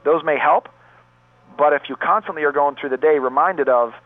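As an interview guest, a man who runs a pain therapy clinic earnestly tells a long story from his practice in a slightly high voice at normal speed. He's on a dry, tinny phone line with no room sound.

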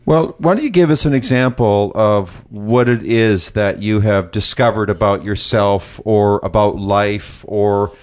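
A man hosting an interview with a lowish voice. He acts as a mentor and draws his guest out with encouraging, leading questions. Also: a little slow, few pauses, a little mellow. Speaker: host, mentor.

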